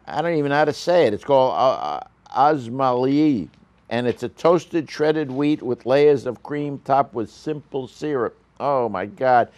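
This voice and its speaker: A man's voice: medium pitch, expressive, unhurried, a little mellow. A man giving a casual, rambling restaurant review on a local news show, full of fillers and asides. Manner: rambling, with frequent fillers and coughs.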